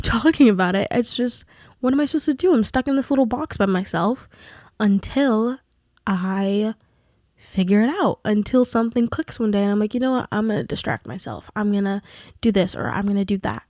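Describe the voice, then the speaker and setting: A woman's voice: medium pitch, expressive, a little fast, darkish tone, no echo, clean studio sound. A young adult woman talking candidly in a confessional vlog, rambling with many fillers. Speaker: vlogger.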